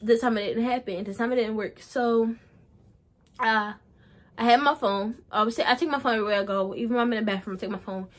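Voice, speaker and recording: A woman's voice: on the high side, fairly even intonation, quick pace. Young woman rambling through a storytime. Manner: rambling, repeats herself while recounting. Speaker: vlogger. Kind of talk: casual storytime.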